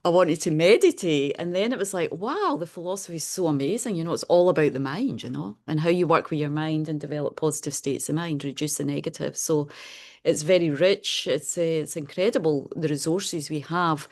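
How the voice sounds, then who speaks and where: A Scottish woman in her fifties, a Buddhist nun, chatting informally and softly as she opens a meditation class. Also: low voice, a little fast. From Scotland. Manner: chatty, soft-spoken, many "you know"s, light laughs. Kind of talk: casual classroom talk.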